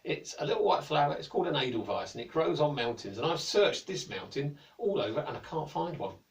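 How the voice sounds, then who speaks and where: A man's voice: fairly high pitch, big pitch swings, brisk. A man voicing a fussy, self-important old male wizard who is dismissive and impatient. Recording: echoey room, mic at a distance.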